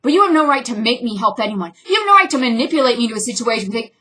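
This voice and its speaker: A young woman, an actress, speaking bluntly and intensely in an emotional personal vlog monologue, with sudden swings between loud and soft. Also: a little high, very animated, rapid-fire, slightly rough. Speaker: actress and filmmaker.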